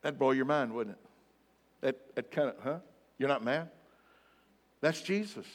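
A man preaching a sermon to a congregation in a church hall, emphatic, swinging between loud declarations and soft asides. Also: medium pitch, expressive, moderate pace. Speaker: pastor. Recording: long hall reverb, faint music behind.

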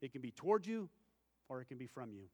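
This man's sermon is built on folksy anecdotes in which he voices the people involved. He speaks fast at medium pitch, in a sing-song manner with a dark tone, and the sound echoes with long hall reverb.

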